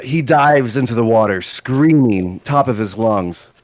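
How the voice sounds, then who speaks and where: A man's voice: mid-range voice, lively intonation, unhurried, no room sound. A man narrating a tabletop game as game master, rambling with many fillers. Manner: rambling, filler-heavy, laughs often.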